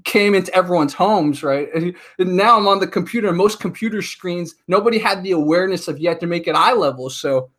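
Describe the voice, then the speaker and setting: A man in his thirties talking casually as a podcast guest, telling stories and acting out quotes in an animated way. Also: high-pitched, brisk, hardly any pauses. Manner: chatty, animated storyteller, acts out quotes.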